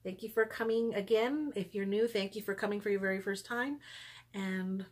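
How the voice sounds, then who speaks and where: A woman talks casually to her viewers about her crafting, upbeat and chatty. She fills pauses with ums and breaks into small laughs. Her pitch sits in an ordinary middle range. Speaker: knitting podcast host. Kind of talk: casual knitting vlog chat.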